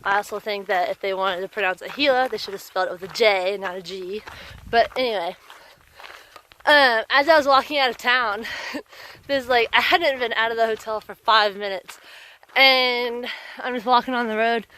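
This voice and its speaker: A woman hiker telling stories to the camera outdoors, chatty and animated, laughing often. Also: on the high side, normal speed, slight background noise. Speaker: long-distance hiker vlogger. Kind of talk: casual storytelling to camera. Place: outdoors by a trail road.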